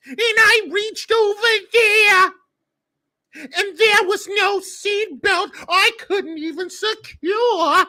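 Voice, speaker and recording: A man mocking a whiny female talk show panelist in a piercing falsetto, slow and dragged out, with a bright, sharp edge. She half sobs and half shouts every phrase in a melodramatic, self-pitying wail. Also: exaggerated voice. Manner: sobbing, shouting mockery.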